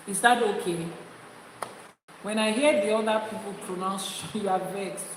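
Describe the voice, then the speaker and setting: A woman's voice: mid-range voice, steady tone, moderate pace, a little hiss or hum. A woman with a Nigerian accent, an Ifá priestess teaching an audience, speaking emphatically and repeating her points to drive them home. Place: indoor room with people present. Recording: echoey hall with faint ambience.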